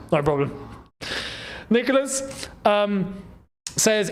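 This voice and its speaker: A young man hosting a live football watchalong, reacting excitedly to play and reading viewer comments aloud with frequent laughs. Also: high voice, a little slow, long pauses. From Algeria. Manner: excitable, laughs often, reads chat aloud.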